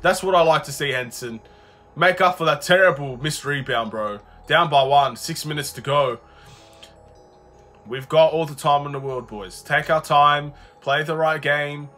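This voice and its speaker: A young man from Australia narrates his basketball game as he plays, excitable and quick to flip from quiet muttering to outraged yelling. His voice is bright and forceful and sits a little high, and faint music plays behind him. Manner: excitable, swings from muttering to frustrated shouting. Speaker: gaming YouTuber. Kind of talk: live gameplay commentary.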